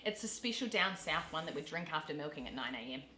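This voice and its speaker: Bright-voiced New Zealand woman, echoey room. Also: low-pitched, animated, quick pace, a little hiss or hum. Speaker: actor. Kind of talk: casual chat in a played clip.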